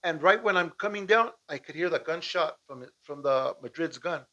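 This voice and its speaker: A man from Southern California tells his story in a loose, animated voice that sits on the higher side. He keeps checking in with "right?" and acts out the shouting. The home recording sounds dull and muffled. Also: normal speed, hardly any pauses. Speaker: storyteller recounting a personal escape. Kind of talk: casual spoken storytelling. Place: at home with dogs nearby.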